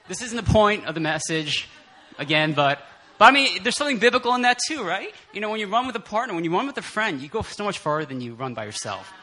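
A man preaching a casual, conversational sermon at a church prayer meeting, animated and laughing often, with many fillers and restarts. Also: sits high, a little hiss or hum.

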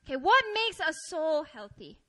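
Lively, bright-voiced young woman preaching. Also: high voice, moderate pace, low-quality recording. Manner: animated storytelling, acts out her own complaints. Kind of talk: sermon.

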